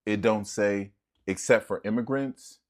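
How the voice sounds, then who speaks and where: A man's voice: on the low side, measured pace, a little mellow. A man giving impassioned, preacher-like spoken commentary in punchy, profane rhetorical lines.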